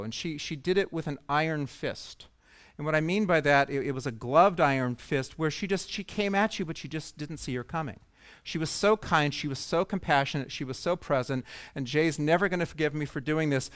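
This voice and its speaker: On an event stage, a conference speaker tells coaches a funny personal story as his keynote. The recording is dry, and his voice runs slightly high.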